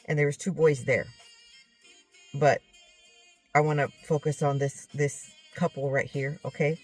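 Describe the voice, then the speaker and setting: A woman's voice: low-pitched, steady tone, unhurried, husky, soft background music. Rambling woman teacher recounting a dream. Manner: rambling, checks in with "okay?", self-correcting. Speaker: Bible teacher. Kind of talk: retelling a dream with scripture teaching.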